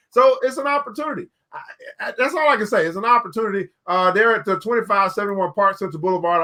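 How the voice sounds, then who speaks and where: A man with a high, bright voice hosts a casual talk show about business. He speaks in a folksy, preachy way, circling back and repeating phrases for emphasis. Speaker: show host.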